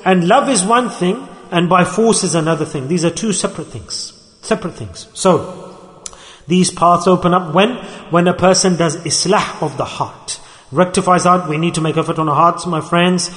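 In a hall full of echo, a man preaches earnestly, returning again and again to key phrases and pressing on them hard. He has a high-pitched, somewhat bright voice and speaks at a normal speed.

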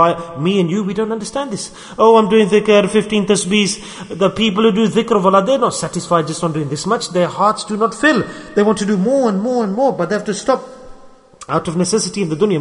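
Guy with a high voice giving a sermon, tells stories n acts out the quotes, long hall echo. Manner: storytelling, acts out quoted speech. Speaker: preacher.

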